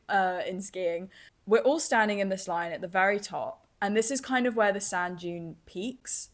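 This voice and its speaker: A young woman hosting a podcast, telling a travel story in a lively, casual way, full of "like" and "kind of". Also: lowish voice. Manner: chatty, lively, filler-heavy with "like" and "kind of". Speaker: podcast host.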